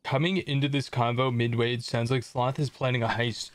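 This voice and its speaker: A man's voice: mid-range voice, steady tone, fairly quick, no echo. A young man casually commenting on his gameplay as a streamer, chatting and joking with viewers. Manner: chatty, jokey, reads chat aloud.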